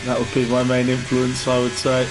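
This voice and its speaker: A man giving relaxed live commentary on an online race and greeting viewers in the chat. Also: medium pitch, normal speed. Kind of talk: live sim-racing commentary. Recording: noisy stream with engine sound behind.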